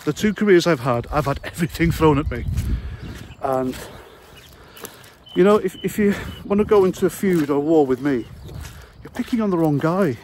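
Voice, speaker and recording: A British man in his forties, a vlogger who used to be a soldier and a prison officer, huffs and puffs along a country path delivering a sarcastic, sweary walking monologue into his handheld phone. His voice is on the high side, animated and a little mellow, at a moderate pace. Wind and outdoor noise cover the recording.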